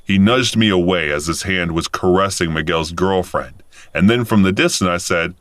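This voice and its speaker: A man in his thirties narrating a first-person story in a casual, animated way. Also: deep voice, moderate pace, no room sound. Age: 30s.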